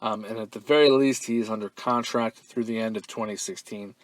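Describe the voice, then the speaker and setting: A man hosting a fan-mail podcast in a relaxed, offhand way, full of ums and uhs, now and then breaking into loud, profane excitement. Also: lowish voice, fairly quick, dry recording. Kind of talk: casual podcast chat.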